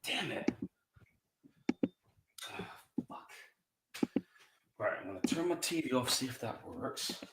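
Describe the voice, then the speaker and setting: A man's voice: medium pitch, very animated, takes it slowly, gravelly, pauses often, roomy sound, very noisy. A man co-hosting a live movie stream, muttering and swearing freely under his breath. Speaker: co-host. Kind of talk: casual live stream chat.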